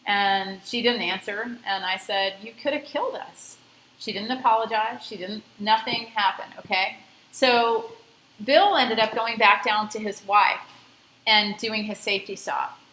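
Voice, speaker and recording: A woman's voice: medium pitch, fairly even intonation, a little slow, a bit bright, reverberant, a little hiss or hum, low-quality recording. A woman scuba instructor lecturing a class, telling a personal story in a conversational way and stressing safety. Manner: conversational, emphatic about safety.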